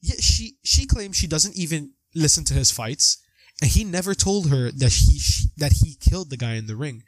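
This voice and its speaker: A young man chatting casually about a film on a podcast, animated, acting out quotes from scenes. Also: on the high side, dry recording. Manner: animated, acts out lines with quick voice jumps. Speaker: podcast co-host. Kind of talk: casual movie discussion.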